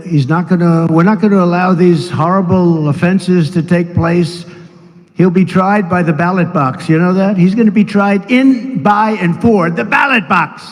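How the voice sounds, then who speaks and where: A man's voice: sits high, moderate pace. A man in his seventies giving a rambling rally speech, full of asides and mocking impressions. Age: 70s. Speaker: political speaker at a rally. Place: large rally venue. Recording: long reverb of a big venue, faint noise.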